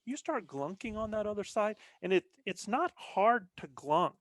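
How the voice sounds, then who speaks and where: Man, podcast guest, casual chat, earnest explainer, frequent restarts, slightly high pitch, dry sound. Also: big pitch swings, moderate pace, fairly bright tone, dry recording. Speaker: podcast guest, veteran elk bowhunter.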